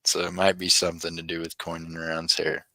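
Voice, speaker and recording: A man's voice: deep voice, completely flat delivery, fairly quick, sharp tone, no echo, rough recording. A middle-aged man, hosting a live-stream auction in a chatty way, reading viewer comments aloud and chuckling often. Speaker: livestream auction host. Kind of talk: casual live-stream chat.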